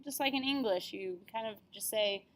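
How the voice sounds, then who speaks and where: A young adult woman talks through a beginner language lesson. She sounds upbeat and is careful over every vowel. She speaks at a middle pitch. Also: normal speed. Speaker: French teacher. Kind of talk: classroom lesson video.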